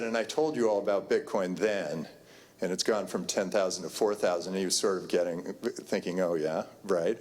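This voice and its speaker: A man's voice: low-pitched, darkish tone. A man giving a keynote talk, telling a rambling anecdote full of fillers and restarts. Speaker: keynote speaker. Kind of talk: conference keynote storytelling. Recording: long hall reverb.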